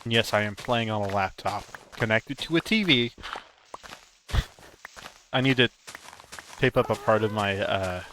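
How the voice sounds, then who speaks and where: A man's voice: lowish voice, fairly bright tone, slight background noise. A man giving casual, rambling gameplay commentary, joking at himself and drifting into silly humming. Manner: rambling and self-mocking, breaks into silly song. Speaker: gaming channel host.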